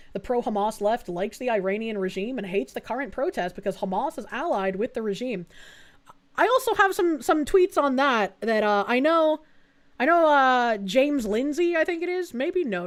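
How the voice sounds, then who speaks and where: High-voiced woman, blunt and sarcastic. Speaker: streamer. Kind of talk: live reaction commentary.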